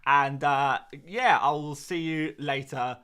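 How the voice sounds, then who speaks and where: A man's voice: on the high side, slow pace, bright, forceful tone, clear, resonant tone. A man hosting a casual live stream about fantasy football, talking to his chat with self-mocking asides. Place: home room.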